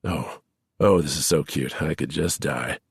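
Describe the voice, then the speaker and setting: A man's voice: extremely low pitch, unhurried, creaky, slightly rough, dry recording, clean studio sound, exaggerated voice. A man doing a sardonic veteran male cop. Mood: teasing. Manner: mocking, laid-back, knowing.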